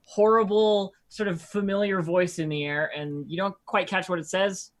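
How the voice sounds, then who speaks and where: A player in a tabletop game describes what a spell does, rambling and leaning on filler words. The voice sits at a middling pitch. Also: steady tone, moderate pace. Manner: rambling, with many likes. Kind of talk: casual tabletop game play.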